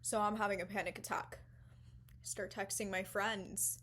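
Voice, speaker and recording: A young woman chatting straight to her viewers in a loose storytime vlog. She tells it dramatically, with bursts of swearing and sudden hushed whispers. Her voice sits at an ordinary middle pitch for a woman. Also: little pitch movement, normal speed, a little hiss or hum. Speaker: vlogger.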